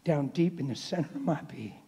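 A middle-aged man preaching a sermon, swinging from hushed, near-whispered lines to loud exclaiming. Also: a little high, lively intonation, brisk, husky. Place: church hall. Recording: long hall reverb.

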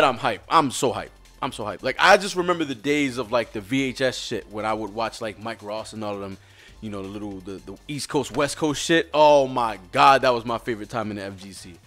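A young man excitedly reacting to gaming news in a profane, hyped rant from home at night. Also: mid-range voice. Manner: hyped, profane, shouting and laughing. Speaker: gaming vlogger.

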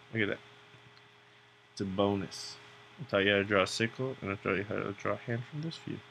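Young male tutorial host, casual and jokey, with a low-ish gravelly voice. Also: a bit bright, a little hiss or hum. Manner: rambling, joking, self-mocking. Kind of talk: casual narration while drawing.

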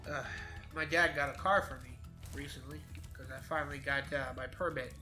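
A man's voice: on the high side, steady tone, moderate pace, sharp tone, soft background music. A man in his twenties casually commenting on a game he plays, swearing and rambling freely. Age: 20s. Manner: profane, rambling, chatty. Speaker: gameplay commentator. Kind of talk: casual let's-play commentary.

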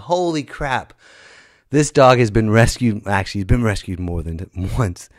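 A middle-aged man hosting a comedy podcast, telling a story as an animated storyteller who jumps into loud high put-on voices, just back from being sick. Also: a little slow, no echo, studio quality.

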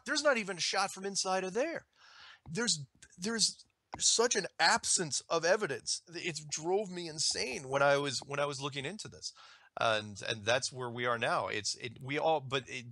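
Forceful, higher-pitched man on an indignant rant. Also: dry recording, studio quality. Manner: emphatic and indignant, with many restarts; uses an extended everyday analogy to argue. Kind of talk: casual spoken rant.

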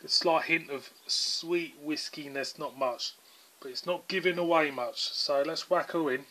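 A man's voice: fairly high pitch, unhurried, bright, forceful tone. A man with a southern English accent, casually reviewing a beer in a rambling, chatty way with lots of fillers. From England.

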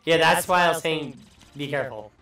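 A man's voice: a little high, a little fast, pushed and bright, distant mic. A man hosting a let's play, joking and swearing through casual gameplay commentary. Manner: profane, rambling, joking. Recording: echoey room, voice off mic, faint music.

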